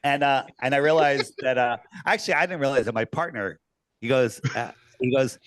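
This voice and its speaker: A man telling an animated story as an interview guest, acting out quoted voices and swearing casually. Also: mid-range voice, fairly quick, no echo, studio quality.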